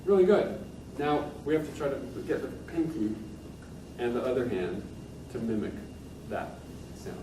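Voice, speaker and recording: Coaching a pianist in a master class, a medium-pitched man swings widely in pitch at a moderate pace, encouraging and demonstrating at the piano as he talks. The room with a piano is picked up by a distant mic, sounding roomy, with loud piano and a noisy background.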